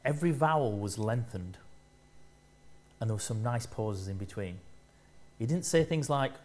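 A man preaching a sermon, speaking in short measured phrases and rising in force to stress key lines. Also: medium pitch, lively intonation, darkish tone.

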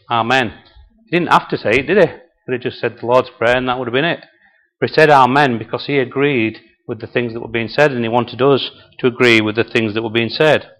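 A man's voice: mid-range voice, fairly bright tone, low-quality recording. A man preaching a sermon in a chatty way, often asking his listeners questions, his voice a little tired and strained. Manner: chatty, asks the congregation questions. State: voice tiring, clearing throat. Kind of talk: sermon with a told joke.

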